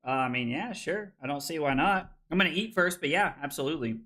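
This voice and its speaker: A tipsy man streaming a card game, loud and joking, laughing often as he chats with viewers. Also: a little high, animated, quick pace. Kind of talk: rowdy livestream chat.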